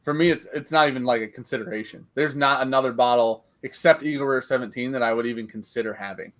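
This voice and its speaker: A man hosting a casual whiskey chat, animated, swearing freely and laughing often. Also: medium pitch, fast talker, rough recording. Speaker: podcast host.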